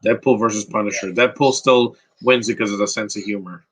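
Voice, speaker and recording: A New York man hosts a live movie commentary podcast, offering rambling, opinionated takes with frequent restarts and answering chat questions. His fairly low voice is fairly bright with a breathy edge and even intonation, a little fast, on a low-quality recording.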